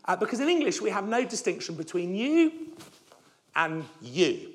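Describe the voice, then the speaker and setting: A male preacher with a high, lively voice that leaps up on key words and sinks to a near hush at the ends of phrases. He talks emphatically, stumbling and restarting as he drives his points home. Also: moderate pace. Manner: voice drops low and soft at phrase ends. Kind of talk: sermon.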